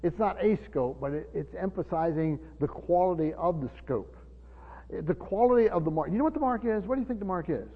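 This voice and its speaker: A man's voice: high-pitched, lively intonation, fairly quick, slightly rough. A man preaching a Bible-teaching sermon, stumbling over repeated words and asking the congregation questions. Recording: dull hall recording with reverb.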